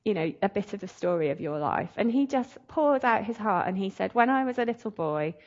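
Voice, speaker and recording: A woman's voice: mid-range voice, expressive, brisk, a little mellow, lo-fi sound. A woman telling a faith testimony in a chatty, emotional way, laughing often. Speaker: speaker sharing a testimony. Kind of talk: sermon testimony.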